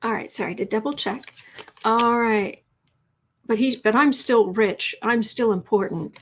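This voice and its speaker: A woman hosting a live tarot stream from home, excited and teary, her voice shaky as she chats and laughs. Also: fairly high pitch, measured pace, a little hiss or hum. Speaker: tarot reader host. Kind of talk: emotional live-stream chat.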